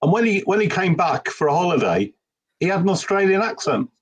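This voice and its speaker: A man's voice: high-pitched, very animated, brisk, husky. A man chatting casually on a livestream panel, friendly and encouraging, with hesitant restarts. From United Kingdom. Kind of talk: casual chat.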